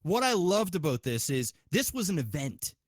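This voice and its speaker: A man hosting a podcast, chatting casually in an excitable, profane way with lots of restarts. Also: a little high, moderate pace, dry recording. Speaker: podcast host.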